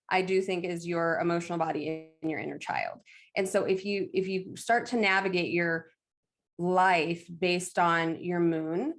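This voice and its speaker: A woman who works as a medium, speaking as a guest in a casual conversation. She talks candidly, laughs often and swears freely. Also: on the low side.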